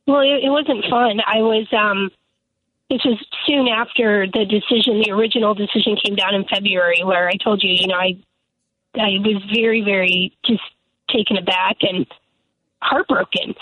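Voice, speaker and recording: A woman's voice: mid-range voice, steady tone, normal speed, dry recording. A woman lawmaker calling in to a radio interview, speaking emphatically and indignantly. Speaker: lawmaker guest. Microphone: telephone. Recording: tinny, dry phone line.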